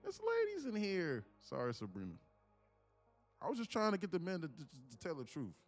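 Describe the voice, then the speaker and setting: Guy live streaming his trades, joking w chat, animated voice, bit of rasp. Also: a little high, fast talker, faint music behind. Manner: joking, reads chat aloud, puts on slang voices. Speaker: day-trading streamer.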